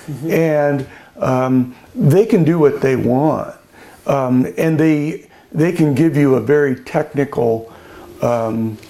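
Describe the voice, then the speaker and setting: A man's voice: fairly high pitch, creaky, dark tone. An older man who owns a winery, telling anecdotes in an oral history interview, chatty, laughing often and acting out the voices of people he quotes. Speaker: winery owner.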